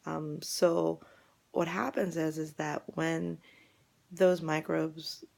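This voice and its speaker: A young adult woman, a fitness vlogger, losing her voice and sounding hoarse, talking casually to camera with many fillers and restarts. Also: sits low, level tone, takes it slowly, a little mellow. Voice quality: hoarse, gravelly.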